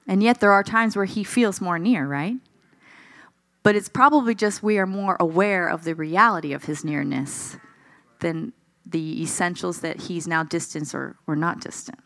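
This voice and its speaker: A woman with a fairly low-pitched voice delivers a sermon at normal speed, expressive and conversational, quizzing the congregation and dramatizing the voices she quotes. She seems a little tired, and there's no room sound.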